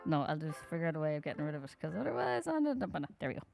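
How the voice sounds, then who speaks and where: Fast-talking Dublin woman, chatty singer. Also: low voice, big pitch swings, creaky, a little mellow, soft background music. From Ireland. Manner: talks fast, chatty and informal, with many fillers. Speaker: singer performing a live-streamed concert. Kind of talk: chatty stage banter between songs.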